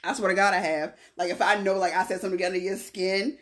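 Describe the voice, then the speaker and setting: A woman co-hosting a podcast in casual chat, teasing and animated, drawing out words for emphasis. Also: medium pitch, quick pace. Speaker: podcast co-host.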